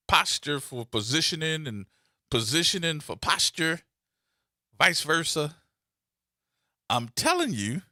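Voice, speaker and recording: A man's voice: a little high, pushed and bright, no room sound, studio quality. A man, hosting a talk radio show with playful, theatrical commentary and mocking put-on voices. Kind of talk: animated commentary with mock skits.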